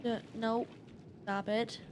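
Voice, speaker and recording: A woman's voice: a little high, level tone, slow, darkish tone, a little hiss or hum. A woman YouTuber giving casual gameplay commentary at her desk mic, easily exasperated and breaking into outbursts and laughs. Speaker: gaming YouTuber.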